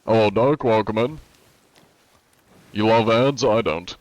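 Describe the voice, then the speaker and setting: On a live stream, a young American man talks with viewers a little slowly in a fairly low voice with no room sound. His chat is laid-back and rambling, sprinkled with plenty of likes and ums.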